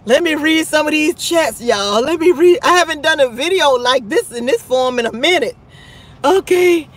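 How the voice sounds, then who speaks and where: A woman's voice: high voice, animated, moderate pace. A woman hosting a casual livestream, chatting with viewers, laughing often and trash-talking bluntly. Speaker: livestream host.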